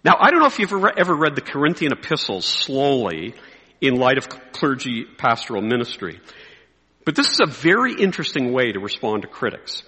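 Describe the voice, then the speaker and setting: A middle-aged man preaching to fellow pastors, animated, swinging from loud exclamations to quiet asides. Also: medium pitch, fairly quick, breathy edge. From North America. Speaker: speaker addressing pastors. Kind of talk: preaching talk to clergy. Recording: reverberant hall.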